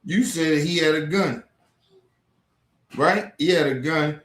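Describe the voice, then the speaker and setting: A man in an angry, profane rant, repeating himself, swearing constantly, swinging from near-shouts down to low mutters. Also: slow, reverberant. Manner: heated, repetitive, swears constantly, rising to near-shouts then dropping low. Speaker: streamer ranting on camera.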